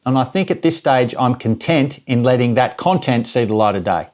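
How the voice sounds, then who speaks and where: A man's voice: medium pitch, expressive, normal speed, a little mellow. Self-mocking man rambling. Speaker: filmmaker and vlogger. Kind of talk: casual reflective chat.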